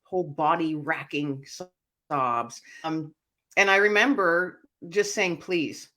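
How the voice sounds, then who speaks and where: A woman, an author and speaker, telling her personal story as an interview guest in an earnest, reflective way that often drops quiet. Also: sits low, slow.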